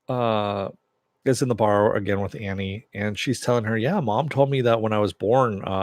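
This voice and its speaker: A man's voice: on the low side, darkish tone, no room sound, studio quality. A man casually recapping a TV episode, retelling scenes loosely with fillers and occasional laughs. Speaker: show reviewer.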